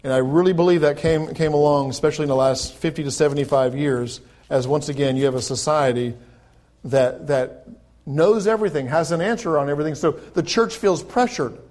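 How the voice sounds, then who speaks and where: High-voiced man preaching a sermon. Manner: rises to loud, slow, emphatic preaching when reading scripture; conversational asides between quoted verses. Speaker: pastor. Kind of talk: sermon with scripture reading.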